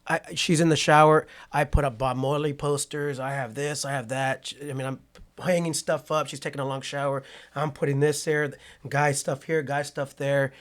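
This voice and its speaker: A man's voice: medium pitch, normal speed. A man in his forties from California, a podcast guest telling a story in a casual interview and acting out what people said. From Patterson, California. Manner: animated storyteller who acts out quotes and keeps asking "right?".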